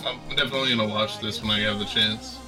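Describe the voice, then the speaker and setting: A man chatting casually in a relaxed, hesitant way, with many fillers. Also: fairly low pitch, fast, music in the background, rough recording. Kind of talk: casual chat.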